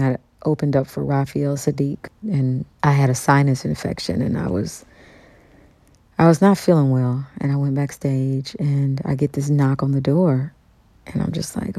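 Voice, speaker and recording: A woman guest telling an animated story in an interview, acting out the dialogue she quotes. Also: extremely low pitch, no room sound. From United States. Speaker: guest musician.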